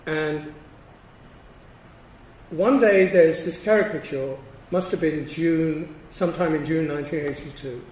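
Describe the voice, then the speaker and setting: High-voiced older man lecturing in an echoey hall. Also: darkish tone. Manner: measured and emphatic, with deliberate pauses. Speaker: professor giving a lecture. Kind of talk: academic lecture with slides. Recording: roomy, distant hall sound with faint noise.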